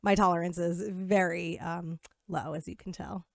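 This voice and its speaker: A woman's voice: fairly low pitch, fairly even intonation, moderate pace, vocal fry, no echo, studio quality. A young woman co-hosting a podcast in casual chat, joking, teasing herself and swearing freely. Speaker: podcast co-host.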